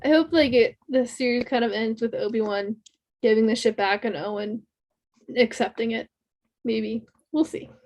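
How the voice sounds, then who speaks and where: A podcast co-host with a somewhat high voice, talking loosely and excitedly. She recaps scenes and slips into quick impressions of the characters as she goes. The talk is casual and full of laughter. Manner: animated storytelling recap, laughs often, acts out quotes. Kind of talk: casual fan podcast chat.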